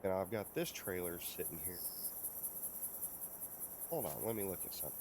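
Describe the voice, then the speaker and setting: A man's voice: sits low, lively intonation, moderate pace. A man streaming a farming game, rambling and chatty as he narrates what he does and talks to himself. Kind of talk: casual gameplay commentary. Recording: loud background noise.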